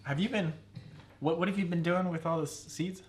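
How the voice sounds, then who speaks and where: A man's voice: fairly high pitch, a little fast, slight background noise. A young man chatting casually on a live stream at his computer, rambling and often laughing.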